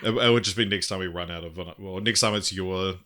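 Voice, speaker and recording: A man's voice: deep voice, quick pace, very noisy. A man co-hosting a podcast in casual chat, often laughing and reading out listener comments. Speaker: podcast co-host.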